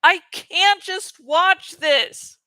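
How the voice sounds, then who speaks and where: A woman reading aloud, voicing a frantic teenage boy who hesitates as he shouts. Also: very high-pitched, expressive, very slow, no echo, full character voice.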